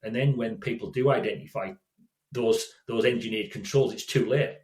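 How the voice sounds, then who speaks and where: A safety consultant in his sixties, guesting on a casual interview, tells stories in a rambling way, restarting and repeating words. His medium-pitched voice has a darkish tone at normal speed, recorded in an echoey room.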